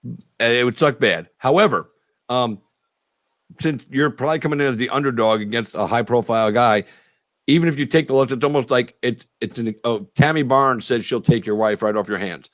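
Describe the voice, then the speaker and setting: A man's voice: medium pitch, fairly quick, no room sound. Rambling, cursing male podcast host. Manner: rambling, profane, laughs a lot. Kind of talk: casual interview.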